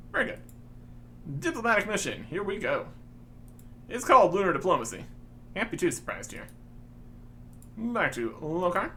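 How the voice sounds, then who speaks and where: A man chats casually over his gameplay in a wry, easygoing way. His bright voice swings widely in pitch, and faint ambience hums in the background. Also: slight background noise. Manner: chatty, wry. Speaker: gaming channel host.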